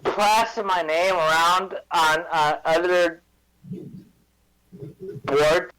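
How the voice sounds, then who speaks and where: A man co-hosting a casual chat show, talking in a halting, stumbling way. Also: a little high, steady tone, bright, forceful tone, smooth, poor audio. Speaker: podcast co-host. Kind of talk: casual banter.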